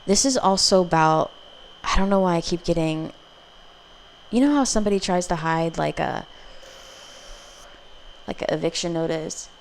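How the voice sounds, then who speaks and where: Brief: a woman doing a casual tarot reading, rambling and profane, with a gravelly low voice. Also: normal speed, pauses often, slight background noise. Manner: blunt, profane, rambling, with acted quotes. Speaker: tarot reader.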